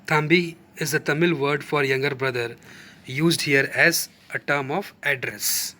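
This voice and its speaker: A man's voice: fairly high pitch, steady tone, a little slow, pushed and bright. A male school English teacher with an Indian English accent, patiently explaining a lesson to students and defining words as he goes.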